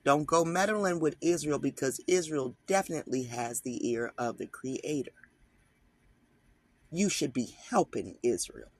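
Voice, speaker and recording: A man's voice: fairly high pitch, measured pace, husky, no room sound. A man teaching online, reading an article aloud and breaking off into casual, emphatic commentary aimed straight at his viewers. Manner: conversational, talks to viewers directly, emphatic asides.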